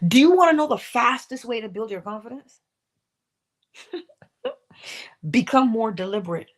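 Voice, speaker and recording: A woman hosts a morning inspiration stream, giving a motivational talk in a sing-song, fairly high voice and taking her time. She asks listeners rhetorical questions, acts out what people say in quoted voices, and sometimes drops to a whisper.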